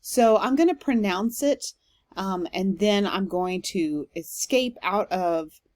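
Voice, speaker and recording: A woman's voice: medium pitch, expressive, takes it slowly, darkish tone, no room sound. A woman professor giving a recorded literature lecture, explaining step by step with frequent "um" fillers.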